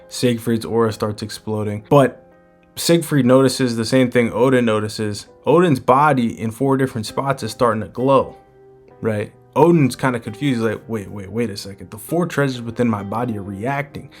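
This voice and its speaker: Casual man retelling a manga chapter. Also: medium pitch. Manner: relaxed, conversational retelling. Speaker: manga chapter recap host. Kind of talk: casual comic chapter breakdown.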